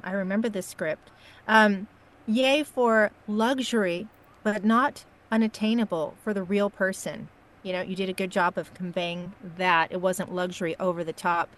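A woman's voice: mid-range voice, a bit bright. A woman coaching a voice actor in an encouraging, chatty way with filler ums. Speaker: voice-over coach giving feedback. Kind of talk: casual critique.

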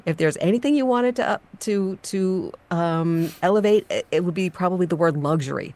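A woman's voice: on the low side, fairly quick, hardly any pauses, darkish tone. A woman coaching a voice actor, giving direct feedback with frequent ums. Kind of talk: casual critique.

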